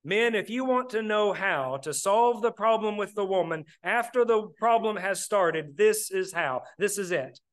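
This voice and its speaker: A man's voice: high voice, animated, measured pace, hardly any pauses, a bit bright. A man preaching a sermon, plainspoken, often calling his listeners "brethren". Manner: plainspoken, addresses the congregation as brethren.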